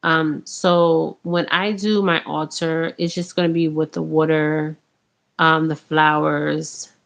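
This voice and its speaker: A woman's voice: deep voice, level tone, slow, creaky, fairly bright tone. A woman talking casually to her viewers about her spiritual path, rambling with many ums and a repeated "okay?". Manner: addresses viewers as you guys. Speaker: spiritual vlogger. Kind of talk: casual spiritual talk to camera.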